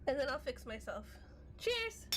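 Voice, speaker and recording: A tipsy woman streaming a game, reacting loudly with swearing and laughter. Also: high voice, slow, noisy background. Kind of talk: live gaming stream with drinking game.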